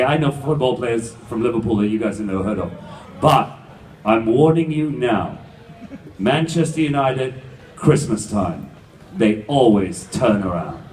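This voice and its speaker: Fifty-something male emcee, brash and teasing, recorded from across an echoey banquet hall. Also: mid-range voice. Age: 50s. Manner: teasing, loud and joking. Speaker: emcee running stage games. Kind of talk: live stage banter with audience. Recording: echoey hall, distant, crowd noise.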